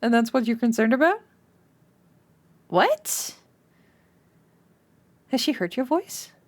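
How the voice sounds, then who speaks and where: A young woman streaming live, chatting casually with her viewers, giggling often and breaking into excited high squeals. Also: fast.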